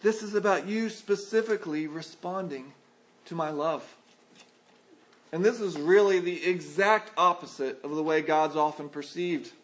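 High-voiced preacher, earnest and lively. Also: male voice, measured pace. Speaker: pastor. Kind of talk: sermon.

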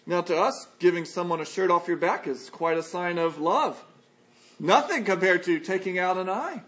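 A man preaching an expository sermon as a pastor, earnest and measured, in a conversational tone. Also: sits high, fairly bright tone.

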